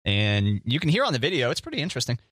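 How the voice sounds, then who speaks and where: A man's voice: mid-range voice, wildly swooping pitch, rapid-fire, fairly bright tone, breathy edge, no room sound, clean studio sound. A man co-hosting a casual chat show, a jokey rambling storyteller who hums little sound effects. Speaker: podcast co-host.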